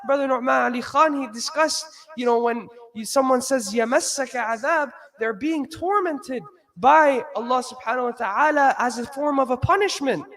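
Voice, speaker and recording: High-voiced man giving a sermon. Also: moderate pace, fairly bright tone, poor audio. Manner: recites Arabic verses, then translates and explains them; checks in with listeners with frequent "right?". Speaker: speaker giving a Friday sermon.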